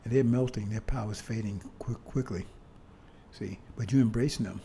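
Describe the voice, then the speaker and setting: A man delivering a sermon in a loose, conversational way, his voice mellow and warm. He keeps checking in with his listeners and restarts his phrases before pressing a point. A faint ambient hum sits behind him. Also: lowish voice. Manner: conversational, repeats "see?" to the congregation; halting restarts, bursts of emphasis. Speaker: preacher.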